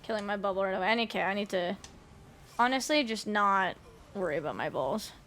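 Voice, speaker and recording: A woman's voice: mid-range voice, animated, a little fast, fairly bright tone. A young woman streaming a game from home, chatting casually and cooing baby talk at her cat. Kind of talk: casual live-stream chat.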